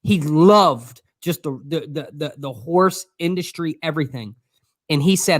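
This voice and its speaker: A man's voice: fairly high pitch, expressive, a little slow, a bit bright, no echo, studio quality. A man co-hosting a casual motivational talk show, talking earnestly with many restarts and stumbles. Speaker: show co-host.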